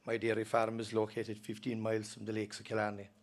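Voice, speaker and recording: An Irish man speaking at a live event. His voice is low and steady, with little rise or fall. He talks earnestly but haltingly, catching himself and starting over. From Ireland. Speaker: dairy farmer giving a talk. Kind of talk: personal storytelling speech.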